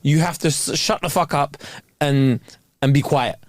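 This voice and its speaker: A man's voice: a little high, a little slow, dry recording, clean studio sound. A man co-hosting a podcast, bantering casually with slang and swearing and laughing often. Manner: animated, laughs a lot, swears freely, slangy. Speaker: podcast co-host.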